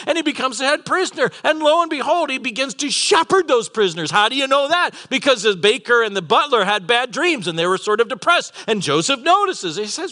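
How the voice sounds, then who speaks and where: Bright-voiced man preaching a lively sermon. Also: extremely high pitch, fairly quick, few pauses. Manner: animated storytelling, acts out characters. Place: conference hall with live audience.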